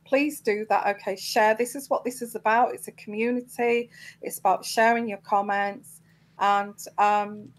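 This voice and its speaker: A woman's voice: medium pitch, steady tone, moderate pace, low-quality recording. A woman hosting her own live tarot show, talking to viewers with many ums and restarts. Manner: hesitant, full of ums and restarts, indignant at trolls. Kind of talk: live-stream chat to viewers.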